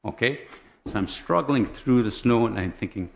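A man telling a personal testimony as a lively story, often chuckling and checking in with "right?" and "okay?". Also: mid-range voice, moderate pace, dull audio.

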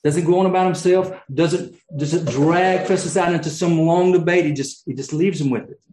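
A man's voice: on the high side, steady tone, normal speed, darkish tone, echoey room, a little hiss or hum, rough recording. A man preaching a sermon, earnest, often restarting his sentences and rising into emphatic peaks. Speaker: pastor.

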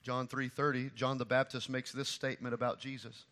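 A middle-aged man preaching a sermon as pastor, swinging from quiet asides to loud, repeated emphatic lines. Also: mid-range voice, flat delivery, fairly quick.

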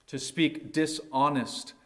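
Slow, deliberate male preacher. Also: on the high side, fairly even intonation. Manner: slow, deliberate preaching with dramatic pauses and swells. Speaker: pastor. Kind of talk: sermon.

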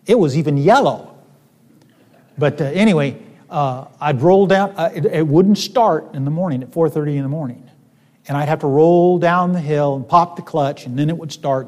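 A man's voice: on the high side, darkish tone. A male pastor telling a personal story in a sermon, in a folksy, conversational way with many fillers and sudden emphatic peaks. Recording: reverberant hall.

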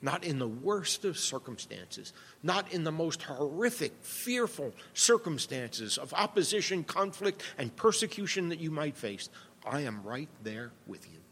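Earnest preacher in a reverberant hall. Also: male voice, a little high, very animated, unhurried, a bit bright, slight background noise. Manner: earnest, emphatic preaching with rhetorical questions. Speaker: pastor. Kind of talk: sermon. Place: church sanctuary. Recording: long reverb of a church hall.

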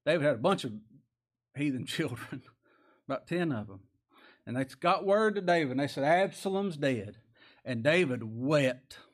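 A man's voice: mid-range voice, expressive, moderate pace, pauses often. A man preaching a sermon in a folksy, conversational way, asking rhetorical questions and chuckling as he goes. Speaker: pastor.

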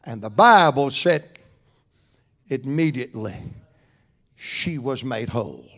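A man preaching a church sermon, swinging between loud fervent cries and quiet, soft-spoken stretches. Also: mid-range voice, lively intonation, slow. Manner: fervent preaching with rising shouts and soft drops.

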